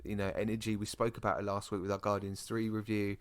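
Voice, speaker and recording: A hoarse British man co-hosting a podcast in a chatty, rambling way. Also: lowish voice, flat delivery, quick pace. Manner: chatty, rambling asides, repeats himself. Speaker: podcast co-host. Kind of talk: casual podcast chat.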